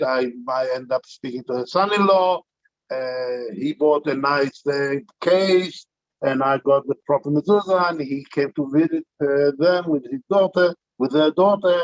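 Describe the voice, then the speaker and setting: A man's voice: a little high, normal speed, muffled recording. An older man, a rabbi, telling an anecdotal story to a community gathering, with frequent restarts.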